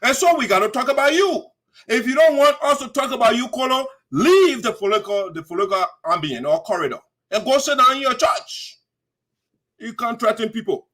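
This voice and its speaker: A man's voice: extremely high pitch, animated, a little fast, a bit bright. A man with a Liberian English accent hosting heated political commentary, indignant and mocking. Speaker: host.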